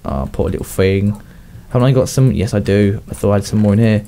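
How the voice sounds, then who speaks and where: A man's voice: on the low side, fairly quick, mellow. A young man, chatting casually as he plays, talking to his pets and laughing often, sounding a bit unwell. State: slightly unwell, coughing. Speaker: gaming YouTuber. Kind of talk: casual game commentary.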